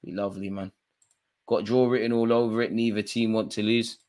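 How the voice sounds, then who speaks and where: A man hosting a live football watch-along. He bursts into loud shouts at the players and the referee, then drops to quiet, muttered asides. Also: brisk. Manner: excitable, shouts encouragement and complaints at players and referee; drops to low muttered asides between outbursts. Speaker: fan channel host.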